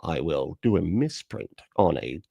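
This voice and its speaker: A man voicing a scheming male toy-company villain who plots in a slow, low, mock-sinister drawl. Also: big pitch swings, gravelly, mellow, no echo, clean studio sound, full character voice.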